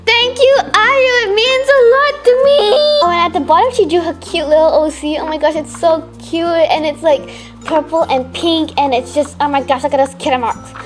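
A teenage girl from Malaysia, gushing excitedly as she unboxes fan mail at home. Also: sits high, a little fast, loud music behind the voice. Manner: gushing, excitable fangirling with many "oh my gosh". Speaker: vlogger.

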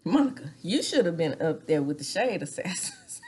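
A woman's voice: on the low side, very animated, normal speed, darkish tone, slightly rough. A woman in her forties chatting casually through a reality-TV recap, gossipy, laughing often and dropping into whispers. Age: 40s. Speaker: recap vlogger.

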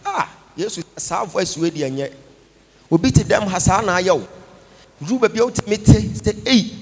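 A prophet giving a call-and-response sermon, moving between English and Twi and breaking into chanted, sung lines and shouts. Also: male voice, sits high, animated, normal speed, husky. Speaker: prophet preaching. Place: large church conference hall.

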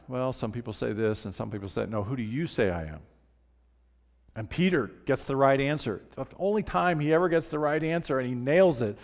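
An older man preaching a sermon as pastor, emphatic on key words and dropping soft and low for tender parts. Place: church sanctuary. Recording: church livestream with long hall reverb.

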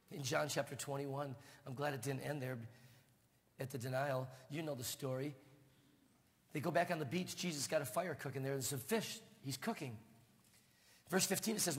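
A man's voice: medium pitch, normal speed, pauses often. Preaching man in a reverberant church. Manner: impassioned preaching, swinging between loud proclamation and hushed tenderness. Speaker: pastor. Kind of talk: sermon. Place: church sanctuary. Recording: long reverb of a church hall.

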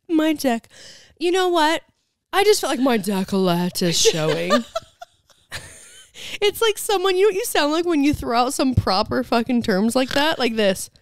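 A woman's voice: high voice, sing-song, a little slow, pauses often, dry recording. A woman hosting a casual podcast from a living room, teasing and blunt with frequent giggles. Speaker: podcast host. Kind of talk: casual chat and read ad. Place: living room at parents' house.

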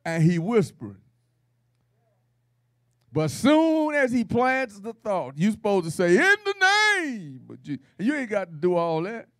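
A man's voice: sits high, lively intonation, a little slow, pauses often, a little mellow, dry recording, clean studio sound. A man preaching at a Bible study in a folksy, playful style, with call-and-response and laughter. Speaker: pastor.

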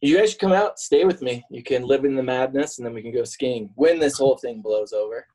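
A man's voice: mid-range voice, fairly quick, dark tone, rough recording. Joking, self-mocking man telling stories. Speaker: podcast guest. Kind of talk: casual interview chat.

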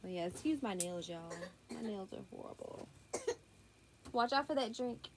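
Recorded on a tablet's built-in mic in a noisy room at home, a young Southern woman vlogs about a clothing haul while her daughter is close by. She's chatty and drawling, with a thick accent and frequent y'alls. Her medium-pitched voice is expressive and a little slow.

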